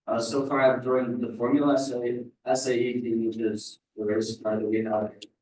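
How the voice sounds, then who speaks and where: A man's voice: medium pitch, level tone, normal speed, darkish tone. A young man, a college freshman, reading an earnest, formal prepared statement in an echoey room from some distance. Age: young adult. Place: student government meeting room. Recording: echoey room, mic far off.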